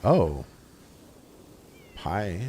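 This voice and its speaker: A man's voice: sits low, very animated, drawn-out words, a little mellow, a little hiss or hum. A man chatting casually over a video game stream. He swears freely, cracks jokes and keeps mimicking the characters he meets. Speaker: livestreamer. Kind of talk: casual gameplay commentary.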